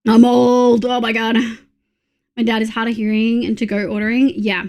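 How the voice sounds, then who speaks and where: A woman's voice: a little high, flat delivery, a little fast, smooth. An Australian woman in her thirties chatting casually on a live stream, blunt and sweary, reacting to chat.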